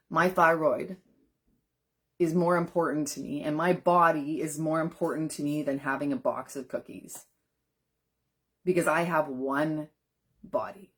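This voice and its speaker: A nutrition coach with a deep, slightly rough voice talks earnestly and directly to her audience in a casual live stream. She answers viewers' comments as she goes.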